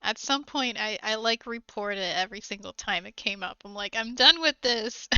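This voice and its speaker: A woman's voice: mid-range voice, expressive, moderate pace, pushed and bright, smooth, no room sound. A woman streamer chatting casually and giggling often while she crafts on a livestream, recorded on a slightly dull desk mic.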